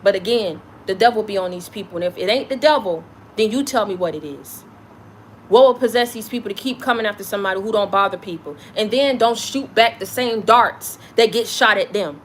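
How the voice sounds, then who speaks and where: A woman's voice: medium pitch, a little fast, fairly bright tone. Woman preaching hard at her viewers, repeats herself, swears some, faint hiss behind. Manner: preachy, repetitive, blunt and profane. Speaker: spiritual content creator. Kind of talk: impassioned spiritual message.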